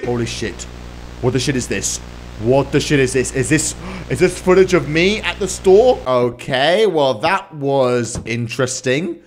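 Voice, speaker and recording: A man giving loud, crude, mock-rude running commentary while playing a game. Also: fairly high pitch, noisy background. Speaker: gaming YouTuber. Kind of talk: let's play commentary.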